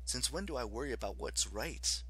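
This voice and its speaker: A man's voice: mid-range voice, animated, normal speed, a bit bright, slightly rough. A man voicing a grim, brooding teenage boy who speaks coldly. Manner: cold, snarling.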